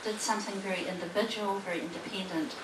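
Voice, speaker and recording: A woman, acting as competition judge, announces the winning poems. She speaks deliberately, with pauses and fillers. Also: medium pitch, fairly even intonation. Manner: deliberate, pausing, with many fillers. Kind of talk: prize announcement at a public event. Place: library hall at a public event. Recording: echoey hall, distant mic, audible noise.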